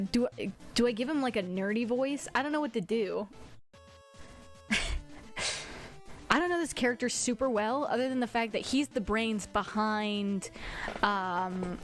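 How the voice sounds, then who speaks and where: A woman streaming a visual novel, reading the narration in a fairly high voice. She keeps up a chatty stream of asides and catches her own slips mid-sentence, with quiet background music underneath. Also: measured pace, long pauses. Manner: chatty, with self-corrections and asides.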